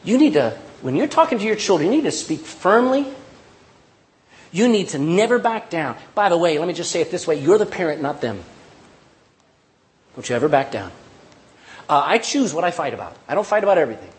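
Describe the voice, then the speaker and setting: A middle-aged male preacher with a high, lifted voice delivers a lively sermon. He drives his points home with repetition and slips into little acted-out scenes. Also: a little fast, long pauses. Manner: animated, acts out little scenes, emphatic repetition.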